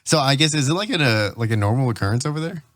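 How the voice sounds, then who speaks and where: A man's voice: medium pitch, expressive, rapid-fire, a bit bright, dry recording, clean studio sound. A man hosting a casual podcast chat, laid-back and loose, saying "dude" and "like" a lot. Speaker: podcast host, firefighter.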